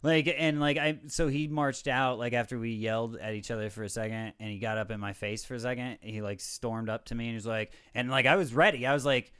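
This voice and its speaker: A man's voice: medium pitch, brisk, hardly any pauses, clean tone. A young man co-hosting a podcast, telling a rambling, profane story full of fillers and quoted back-and-forth. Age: young adult. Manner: rambling, profane, animated retelling with many fillers. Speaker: podcast co-host. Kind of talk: casual storytelling chat.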